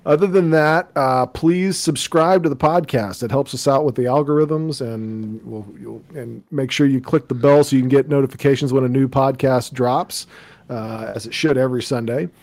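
A man's voice: medium pitch, moderate pace, no echo. Laid-back man co-hosting a podcast. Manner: relaxed, chatty, laughs easily. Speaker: podcast co-host. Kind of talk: casual podcast chat.

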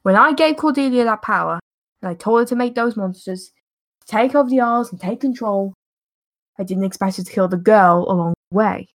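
A woman playing a booming, stern ancient god. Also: a little fast, close to an everyday voice. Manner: stern, scolding, commanding. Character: booming ancient male divine being, stern.

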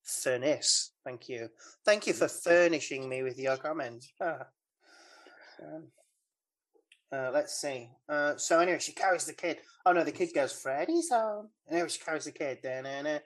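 A woman's voice: sits low, moderate pace. Chatty, giggly woman recapping. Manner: chatty, rambling, giggly recap with many fillers. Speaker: podcast co-host recapping a film. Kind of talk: casual chat.

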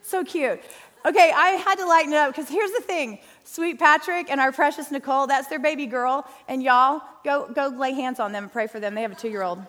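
A woman's voice: high voice, a little fast, fairly bright tone. A woman speaking to a church group in a chatty, emphatic teaching style, often calling the audience guys and y'all. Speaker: women's ministry speaker. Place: church hall. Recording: long hall reverb.

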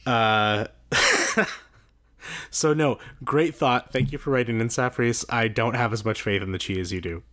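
A man's voice: medium pitch, measured pace, bright, forceful tone. A man co-hosting a podcast, chatting in a wry, joking way and reading out listener mail. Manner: wry, joking, swears casually. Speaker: podcast co-host.

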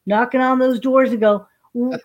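A woman's voice: mid-range voice, unhurried, lo-fi sound. Woman, older, podcast guest, chatty storyteller, says honey. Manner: warm and chatty, calls people honey. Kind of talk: casual interview storytelling.

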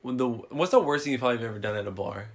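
A young man co-hosting a podcast, trading quick, teasing, profane banter. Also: mid-range voice, lively intonation, a little hiss or hum. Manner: fast, teasing banter with swearing. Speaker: podcast co-host. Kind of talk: casual chat.

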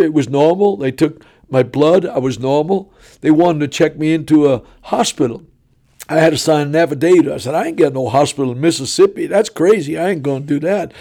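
A man's voice: fairly high pitch, dark tone. A male preacher, telling a dramatic personal story in a sermon and acting out the voices of the people in it.

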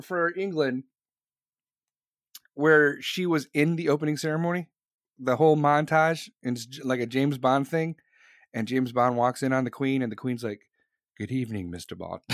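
Excitable, profane man ranting on stream. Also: on the high side, no echo, clean studio sound. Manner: profane, excitable, laughs between remarks. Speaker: live streamer. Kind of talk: casual profane rant to a live audience.

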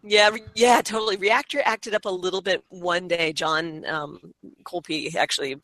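A hoarse woman chatting casually as a podcast co-host, laughing often and swearing freely. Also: fairly low pitch, steady tone, moderate pace, crowd noise.

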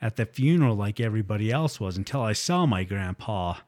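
A man's voice: on the low side, lively intonation, brisk, darkish tone. A man talking casually and candidly, telling a personal story with some swearing. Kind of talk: casual podcast chat.

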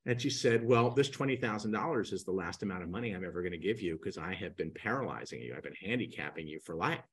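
A man's voice: deep voice, fast, slight background noise, poor audio. An older man, a guest real estate coach, telling his story in a podcast interview and acting out the people he quotes. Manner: animated storyteller who acts out quoted speakers.

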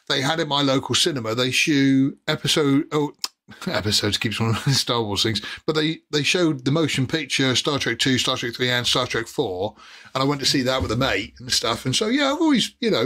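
Bright-voiced man hosting a chat. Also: on the high side. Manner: chatty, jokey, trailing off with fillers. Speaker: host. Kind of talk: casual podcast chat.

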